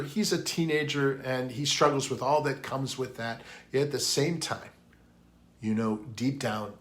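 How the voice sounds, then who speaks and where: Man, pastor, sermon, earnest storytelling, lifts his voice for emphasis, mid-pitched. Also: a bit bright. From New England. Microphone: online worship video.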